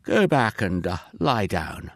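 A man voicing a kindly old priest in a children's story, speaking gently and a little drowsily. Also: lowish voice, sing-song, takes it slowly, gravelly, dry recording, studio quality, exaggerated voice. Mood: drowsy.

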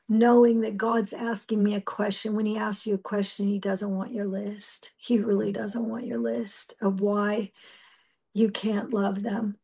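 A middle-aged woman preacher giving a personal testimony, telling her story earnestly and emotionally with halting restarts. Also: medium pitch, little pitch movement, mellow, husky.

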